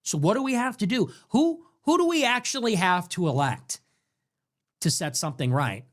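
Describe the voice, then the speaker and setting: A man's voice: sits high, big pitch swings, moderate pace, fairly bright tone. A young man hosting a political show, delivering a heated monologue full of repeated rhetorical questions. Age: young adult. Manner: ranting, repetitive rhetorical questions.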